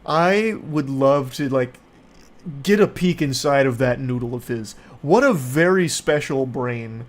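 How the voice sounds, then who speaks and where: A man's voice: medium pitch, expressive, unhurried. A man giving comedic commentary as he reads text messages aloud, sarcastic, profane and incredulous. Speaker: online commentator.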